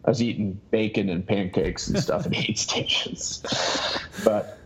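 A man being interviewed as an ultrarunner guest, telling a long story in halting bursts that keep restarting. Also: fairly low pitch, fairly even intonation, breathy edge, low-quality recording. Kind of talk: casual podcast interview.

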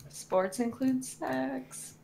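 A woman co-hosting a podcast, chatting and joking excitably during a party card game over a call. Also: sits high, drawn-out words, gravelly, a little hiss or hum. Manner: giggly, excitable, jokey. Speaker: podcast co-host.

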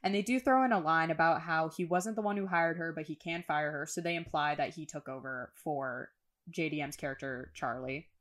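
A woman's voice: low voice, fairly quick. A woman co-hosting a casual podcast, recapping episodes in long run-on stretches and swearing casually. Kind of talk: casual chat.

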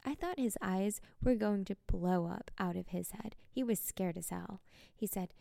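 A woman narrating a dark first-person story in a cold, menacing, profane way. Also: mid-range voice, moderate pace, gravelly, no echo, studio quality.

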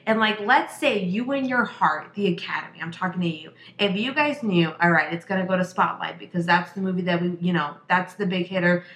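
A woman's voice: fairly low pitch, fairly quick, few pauses, fairly bright tone. A woman from Mexico co-hosting a casual chat, talking bluntly and with plenty of swearing. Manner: blunt, profane and emphatic. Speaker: podcast co-host. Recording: echoey room.

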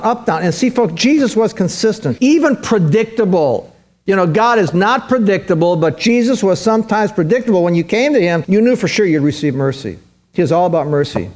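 A male pastor preaching an animated sermon, acting out the voices of biblical figures as he retells their stories. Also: a little high. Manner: animated preaching, voicing biblical characters in quotes.

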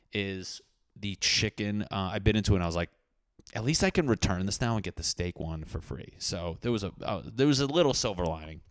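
Low, smooth-voiced guy telling a rambling story. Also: dry recording, studio quality. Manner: rambling, profane, jokey. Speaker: vlogger. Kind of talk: casual storytelling to camera.

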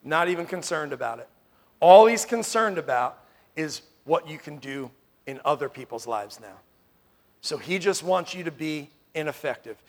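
Gravelly pastor preaching with emphatic swings. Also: male voice, on the high side, lively intonation, normal speed. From New York. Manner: emphatic, swings from loud to hushed, asks "Amen?" often. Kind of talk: sermon.

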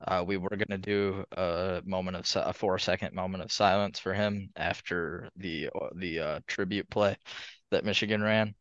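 A man's voice: deep voice, steady tone, moderate pace, fairly bright tone, no room sound. A man co-hosting a podcast, rambling through a casual sports chat and laughing between points. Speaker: podcast co-host. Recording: slightly muffled lo-fi audio.

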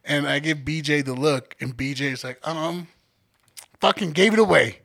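A man in his twenties chatting on a podcast. His voice is gravelly and bright, sitting somewhat high. He tells a story animatedly and jumps into acted-out quotes. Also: moderate pace. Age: 20s. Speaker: podcast co-host. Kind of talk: casual podcast chat.

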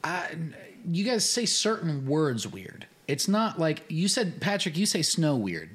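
Animated Floridian man chatting on a podcast. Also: a little high, a little slow, husky. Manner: animated, joking, repeats himself. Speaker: podcast guest. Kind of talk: casual chat.

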